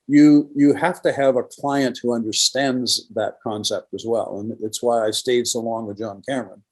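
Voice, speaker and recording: A man's voice: mid-range voice, steady tone, moderate pace, a little mellow, rough recording. An older man, a retired radio professional, talking enthusiastically as a podcast guest. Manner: enthusiastic, tells stories with quoted dialogue. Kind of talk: casual interview conversation.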